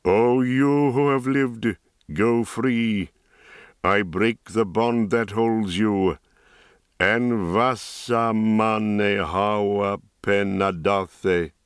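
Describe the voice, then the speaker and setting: A man voicing a wise, grave middle-aged mage in an audiobook, speaking in a low, measured way. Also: dry recording, studio quality. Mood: commanding. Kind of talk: audiobook reading.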